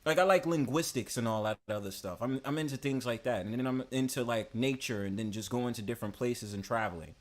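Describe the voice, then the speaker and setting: A man's voice: medium pitch, brisk, few pauses. A man hosting a livestream in casual, slangy, joking chat, full of filler phrases. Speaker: stream host.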